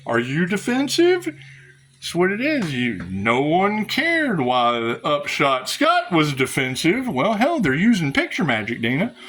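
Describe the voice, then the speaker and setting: Sarcastic, animated man with a drawl. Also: a little high, unhurried. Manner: sarcastic, swears, laughs often, repeats phrases. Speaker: spiritual vlogger. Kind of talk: rambling monologue to viewers.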